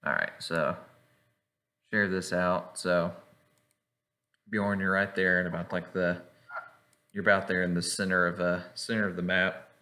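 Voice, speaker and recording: Male game master, relaxed rambling narration; low-ish, bright edge. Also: measured pace, long pauses. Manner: loose, rambling, fillers and swearing. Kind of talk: narrating a tabletop game online.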